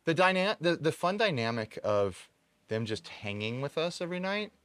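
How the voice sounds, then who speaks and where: A man's voice: a little high, moderate pace, no room sound. A man hosting a casual chat outdoors, telling stories and laughing often. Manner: laughs often, animated storytelling. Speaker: podcast host. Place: outdoors on a tropical island.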